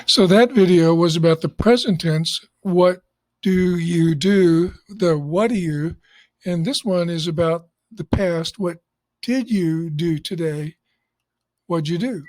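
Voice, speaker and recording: A man teaching an English class in a slow, explanatory way, pausing with fillers. His voice is dry and close, with no room sound. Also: fairly high pitch, a little mellow, no room sound. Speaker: ESL teacher. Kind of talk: classroom lecture.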